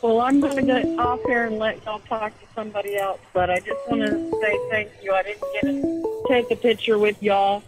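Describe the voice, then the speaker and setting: A woman's voice: mid-range voice, steady tone, normal speed, over loud music, poor audio. A woman caller, chatty and polite. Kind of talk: casual chat.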